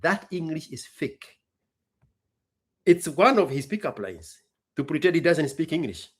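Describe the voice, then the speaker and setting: Animated man hosting a talk show. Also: fairly high pitch, unhurried, breathy edge. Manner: animated, reads lyrics aloud, mixes in Swahili slang. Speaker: host. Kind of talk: casual commentary.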